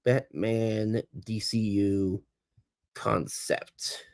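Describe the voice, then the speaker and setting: A man's voice: lowish voice, little pitch movement, drawn-out words, vocal fry, a little mellow, no room sound, studio quality. A man hosting a casual livestream chat, rambling and hesitant, with lots of ums and restarts and some laughing at himself. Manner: rambling, hesitant, full of fillers. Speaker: host.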